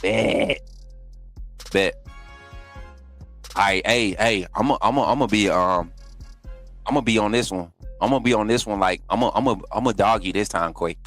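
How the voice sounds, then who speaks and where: A man's voice: on the low side, moderate pace, pauses often, fairly bright tone, faint music behind. A man hosting a live stream who chats loosely with his viewers and then poses as a polite recruiting coach on a prank phone call. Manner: loose, chatty, talks to live chat.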